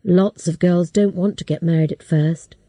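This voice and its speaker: A woman voicing a sad, gentle father who resignedly tells his daughter she must marry. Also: on the low side, steady tone, moderate pace, no echo.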